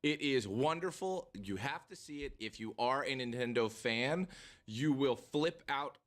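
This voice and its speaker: A man's voice: mid-range voice, animated, a little slow. A man producing a live podcast, enthusiastically recommending a film with emphatic repetition. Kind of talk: casual podcast banter. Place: podcast studio.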